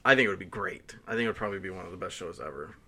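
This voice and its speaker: Man, podcast host, casual chat, eager, rambling, bright tone. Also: low-pitched, racing.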